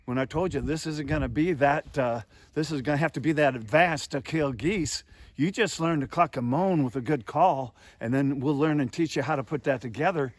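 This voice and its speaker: Man, outdoors instructor, emphatic folksy delivery, higher pitch, dry sound. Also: moderate pace, no echo. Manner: folksy, emphatic, calls the audience "guys". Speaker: goose calling instructor. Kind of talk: hands-on how-to lesson.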